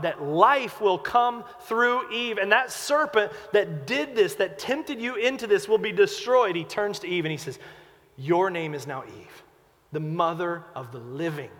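A pastor preaching a sermon with emphatic delivery, swinging between loud urgent lines and quiet hushed ones. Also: male voice, sits high, long reverb tail.

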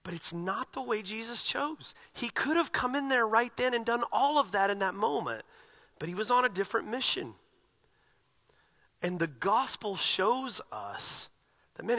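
A male pastor preaching a sermon, moving from quiet, slow passages to loud, emphatic ones. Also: sits high, big pitch swings.

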